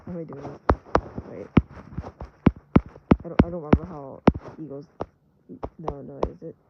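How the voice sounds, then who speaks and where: A young adult voice chatting while drawing, rambling from one tangent to the next with self-mocking jokes and quick hushed asides. The pitch sits in an ordinary middle range. A loud hiss runs under everything, with clicks now and then. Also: fairly even intonation, vocal fry, highs cut off. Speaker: vlogger doodling on stream. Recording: loud background noise with clicks.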